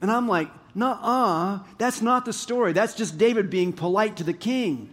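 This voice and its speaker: In this sermon, a high-pitched male pastor keeps a moderate pace as he reads scripture aloud and narrates it animatedly, his volume rising and falling between loud and soft.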